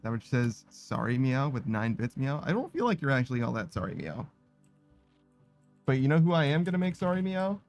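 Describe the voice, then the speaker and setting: A man's voice: medium pitch, sing-song, fairly quick, darkish tone, no echo, soft background music. A tired man live-streaming, casually reading out viewer messages and ending nearly every sentence with "meow," laughing and swearing along the way. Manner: laid-back, tired, laughs and swears often.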